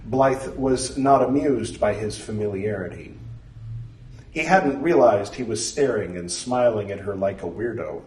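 A man narrating a story in a measured, expressive reading. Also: lowish voice. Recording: roomy, distant mic.

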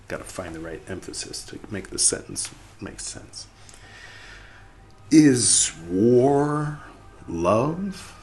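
A man's voice: on the low side, animated, measured pace, darkish tone. A man hosting a podcast, reading passages and rambling through casual commentary with restarts and dips into a near-whisper. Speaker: podcast host.

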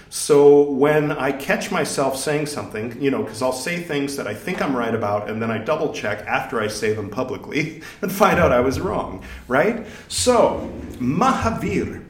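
Rambling podcast host man, echoey room. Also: a little high. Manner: digressive, self-deprecating, many fillers and restarts. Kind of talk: casual rambling podcast talk.

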